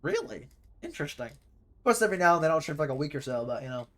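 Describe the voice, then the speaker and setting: A man's voice: on the high side, big pitch swings, fast, gravelly. Chatty young male streamer, rambling. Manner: rambling, chatty, with sudden loud mimicking shouts. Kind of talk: casual gameplay chat.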